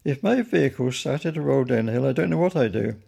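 A man's voice: medium pitch, expressive, fast, creaky, dark tone, slightly rough, full character voice. A man voicing a polite, earnest young male bear who takes everything literally.

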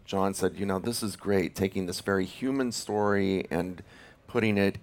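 Deep-voiced hesitant director. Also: male voice, moderate pace. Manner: hesitant, many ums and restarts. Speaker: film director, guest. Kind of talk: casual interview.

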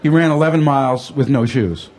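A man's voice: medium pitch, brisk, darkish tone. American host guy, dry teasing humor, mid voice, loose storytelling. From United States. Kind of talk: casual comic chat.

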